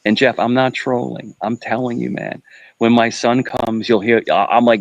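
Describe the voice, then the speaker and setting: A man's voice: mid-range voice, moderate pace, vocal fry, no echo, low-quality recording. A man from Queens, New York, talking in a loose, rambling way on a live-stream chat. He repeats words and restarts often, and his voice sits in an ordinary middle range. The sound is dry and close, with no room around it. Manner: rambling, repeats himself, animated.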